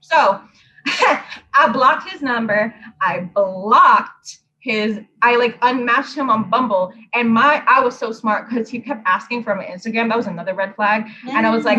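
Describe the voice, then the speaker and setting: A woman's voice: on the high side, unhurried, highs cut off. Brash young woman telling a story. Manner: animated storytelling, blunt and profane. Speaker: host. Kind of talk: casual chat.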